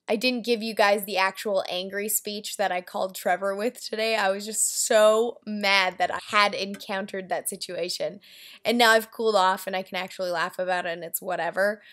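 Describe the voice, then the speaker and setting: A woman talking to her camera in a casual vlog, venting with exasperated groans and lively, animated delivery. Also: mid-range voice. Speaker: vlogger.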